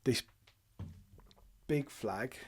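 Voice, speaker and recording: A man's voice: mid-range voice, extremely slow, breathy edge, no echo, studio quality. A man co-hosting a football podcast in casual chat, joking and laughing often. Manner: laughs often, jokey banter. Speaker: podcast co-host.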